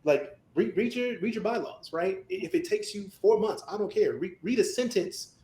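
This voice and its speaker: A man co-hosting a podcast, talking in an animated, emphatic way and often asking "right?". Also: normal speed. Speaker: podcast co-host. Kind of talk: casual podcast discussion. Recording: echoey room, faint rumble.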